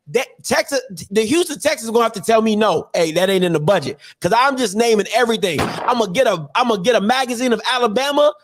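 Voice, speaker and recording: A man hosting an online call-in show, talking in an animated, preachy and joking way full of slang. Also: very high-pitched. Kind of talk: energetic call-in show monologue.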